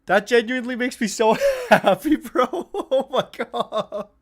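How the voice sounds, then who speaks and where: A man's voice: very high voice, a little slow. A young man hosting a live football watch-along stream, chatting casually, swearing freely and getting worked up over the play. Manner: excitable, swears freely, shouts and laughs at goals.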